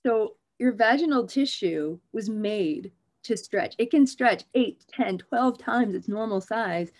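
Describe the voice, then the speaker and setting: Speaking slowly in a slightly high voice, this OB/GYN guest jokes and talks candidly about her specialty during a conversational interview. She comes across animated and frank.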